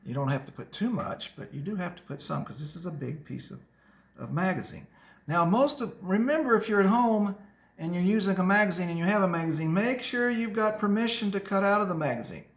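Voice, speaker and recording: A man's voice: sits high, lively intonation, a little fast, roomy sound. A man teaching an art lesson to children, chatting them through each step of a craft project. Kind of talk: casual art lesson demonstration for kids.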